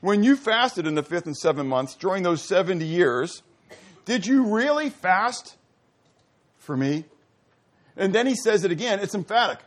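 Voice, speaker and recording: A man's voice: high-pitched, expressive, normal speed. A male pastor preaching a sermon, asking rhetorical questions and restarting phrases with stammers.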